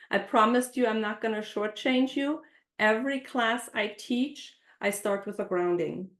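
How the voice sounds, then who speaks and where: A middle-aged woman teaching a live online baking class from her home kitchen, speaking gently and leading a calm breathing exercise. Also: mid-range voice, reverberant. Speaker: baking instructor.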